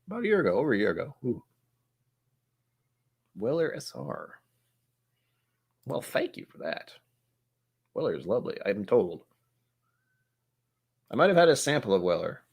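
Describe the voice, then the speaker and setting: A man's voice: fairly low pitch, sing-song, normal speed, vocal fry, pauses often, husky. A young man hosting a whiskey channel, chatting casually with his viewers in a rambling, self-mocking way. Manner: rambling, self-mocking, reacts aloud to chat. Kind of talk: casual livestream chat.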